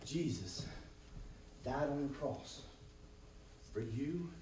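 A man preaching a sermon as pastor, calling "Amen?" to his congregation and swinging between loud bursts and quiet, low passages. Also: animated, extremely slow, slight background noise. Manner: preaching with frequent "Amen?" call-outs to the congregation. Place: church sanctuary with congregation. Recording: echoey room, voice from far off.

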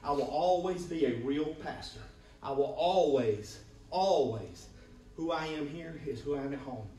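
Male pastor, fairly high voice, preaching to a congregation with "Amen?" call-outs and loud-to-quiet swings, echoey sanctuary, heard from a distance. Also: animated, unhurried. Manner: swings between loud rising bursts and low quiet passages. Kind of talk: sermon. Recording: echoey room, voice from far off.

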